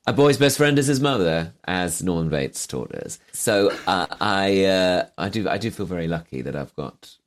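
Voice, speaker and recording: A man's voice: sits low, animated, moderate pace, hardly any pauses. A man, a comedian, chatting casually in a wry, self-deprecating way about growing up. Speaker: comedian guest. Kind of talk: casual chat.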